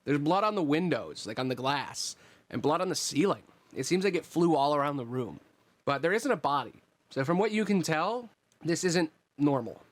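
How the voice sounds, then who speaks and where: A man's voice: fairly high pitch, lively intonation, normal speed. Casual young man narrating as game master. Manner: casual, swearing, laid-back narration.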